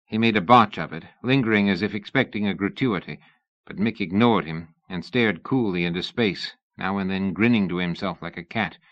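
A man reading a novel aloud as a narrator, in measured storytelling. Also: low voice, fairly bright tone, dry recording, highs cut off. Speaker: audiobook narrator. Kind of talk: scripted narration.

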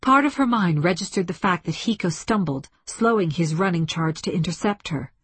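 A woman reading a story aloud as scripted narration, measured and dramatic. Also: lowish voice, animated, breathy edge, no echo. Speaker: audiobook narrator.

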